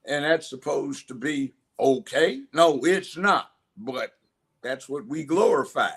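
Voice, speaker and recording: A man in his seventies from Los Angeles, United States, is a guest in a conversational interview, telling stories emphatically and acting out voices. His voice is on the high side, fairly bright and slightly rough, and he takes it slowly.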